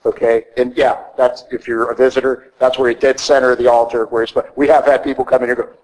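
A man's voice: medium pitch, little pitch movement, fast, darkish tone, low-quality recording. Blunt conversational man preaching a sermon. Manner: blunt, conversational preaching with frequent "okay?" asides. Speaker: priest. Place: church.

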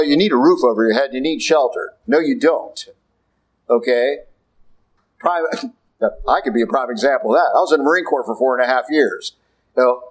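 A man's voice: fairly high pitch, low-quality recording. A middle-aged man giving a sermon as a priest, emphatic and conversational, answering his own rhetorical questions. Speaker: Catholic priest.

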